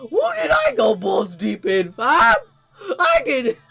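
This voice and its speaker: A panicked young swordsman, loud and shouting, voiced by a man reading comic lines aloud. The voice jumps high and strained. Faint music plays underneath. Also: wildly swooping pitch, takes it slowly, vocal fry, full character voice.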